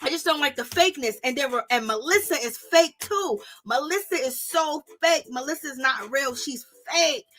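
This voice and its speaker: A woman's voice: sits high, moderate pace, few pauses, soft background music. A young woman vlogger ranting casually and exasperatedly to her viewers, using lots of slang. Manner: exasperated, animated, slangy, talks to viewers directly. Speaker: vlogger reviewing reality TV.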